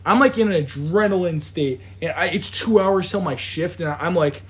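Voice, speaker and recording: Animated young man with a husky voice. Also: high voice, moderate pace. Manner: animated, swears a lot, mimics sounds, many restarts. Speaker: podcast co-host. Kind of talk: casual storytelling among friends.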